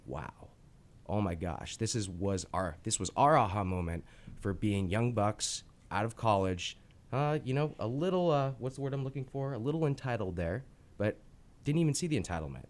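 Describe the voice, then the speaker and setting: Deep-voiced man telling lively stories. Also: fairly quick. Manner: animated storyteller, acts out quotes. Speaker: co-host and business founder. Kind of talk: casual storytelling interview.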